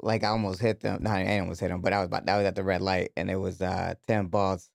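Low-voiced slangy male co-host. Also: level tone, quick pace, vocal fry, no echo, studio quality. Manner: loose, slangy, laughs often. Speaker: podcast co-host. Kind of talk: casual chat.

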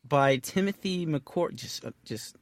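A man's voice: a little high, animated, unhurried. A man co-hosting a comedy podcast, rambling and restarting as he riffs crudely about a book. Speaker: podcast co-host. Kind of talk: casual comedic chat.

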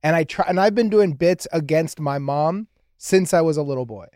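A man hosting an advice podcast, joking and telling stories in an animated way. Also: fairly high pitch, moderate pace, no echo, studio quality. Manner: joking, builds to loud, animated storytelling. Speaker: podcast host. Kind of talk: casual chat.

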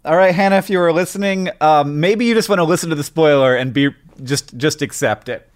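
A man's voice: a little high, brisk. A middle-aged man co-hosting a casual podcast, playful and teasing, laughing easily. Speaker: podcast co-host.

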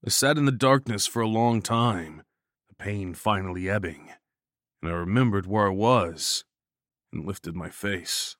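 A man narrating a first-person horror story in an intense, steady way. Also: fairly low pitch, measured pace, no room sound, studio quality.

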